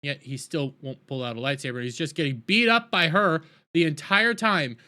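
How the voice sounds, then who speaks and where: A man with a high, bright voice rants through an episode recap. He gets exasperated and stumbles over his words, restarting sentences as he goes. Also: moderate pace. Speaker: TV show reviewer.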